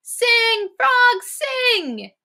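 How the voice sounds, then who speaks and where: A woman voicing an excited crowd of animals in a children's storybook, chanting in a high, shouting voice. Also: slow pace, vocal fry, exaggerated voice.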